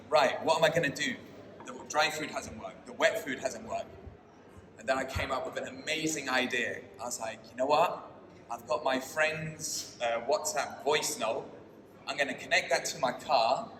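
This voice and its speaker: A man telling a personal story on stage, lively, acting out his own thoughts as quotes. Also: medium pitch. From London. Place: stage at a live storytelling night. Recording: echoey hall, mic far off, noisy.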